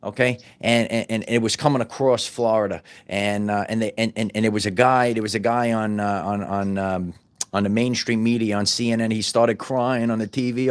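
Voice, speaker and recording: Smooth and steady in tone, a middle-aged channel host with a medium-pitched voice talks at normal speed through an improvised motivational sermon. It loops back on itself, stumbling and restarting throughout.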